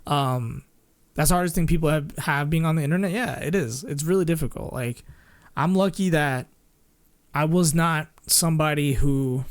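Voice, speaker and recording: A man streaming and chatting casually, rambling with lots of fillers, restarts and little laughs. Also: a little high. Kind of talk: casual chat with chat.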